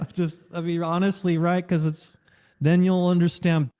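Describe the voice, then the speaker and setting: Smug preachy guy in a debate clip, kinda high voice, dark tone. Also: level tone, measured pace. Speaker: debate participant.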